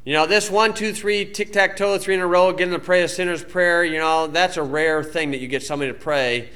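A man preaching a sermon, telling folksy stories and reading scripture, his voice climbing loud then dropping low. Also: steady tone, brisk, clear, resonant tone. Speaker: pastor.

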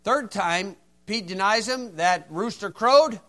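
High-voiced preacher acting out voices. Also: male voice, takes it slowly. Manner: folksy storytelling, acts out dialogue, swings from hushed to shouting. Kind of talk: sermon.

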